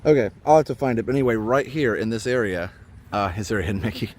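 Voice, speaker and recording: A man's voice: fairly low pitch, lively intonation, fast talker. A man from Indiana hosting a casual live-stream tour outdoors in a park, rambling with lots of fillers and greeting viewers by name. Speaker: livestream host. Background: faint traffic.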